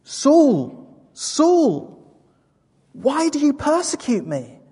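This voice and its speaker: A woman's voice: sits high, very animated, drawn-out words, dark tone, pitched above the performer's own voice, full character voice. A woman reading the solemn words of a male voice from heaven in a sermon, recorded in an echoey hall. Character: commanding divine male voice from heaven. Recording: echoey hall with long reverb.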